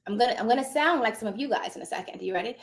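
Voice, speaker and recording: A woman's voice: on the high side, rapid-fire. A woman hosting a casual live stream and coaching her audience. She is hyper and playful, calls everyone darling, and slips into a playful posh put-on accent. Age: adult with children. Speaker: host and notary business coach.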